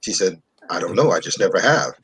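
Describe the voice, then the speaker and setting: Husky low-voiced man from New York. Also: brisk. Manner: animated storyteller, repeats himself. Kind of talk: casual discussion.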